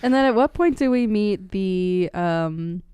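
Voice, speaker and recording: A woman's voice: mid-range voice, animated, measured pace, mellow, clear, resonant tone, no room sound. A young adult woman co-hosting a podcast, talking easily about a film and quoting its characters. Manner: easygoing, quotes characters, laughs. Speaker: podcast co-host. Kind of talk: casual film discussion.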